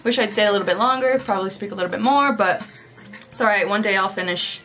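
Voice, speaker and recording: A woman's voice: mid-range voice, quick pace, fairly bright tone, faint music behind. A young woman vlogger chatting casually while doing her makeup, rambling and reflective, with lots of filler words. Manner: rambling, reflective, heavy use of "like".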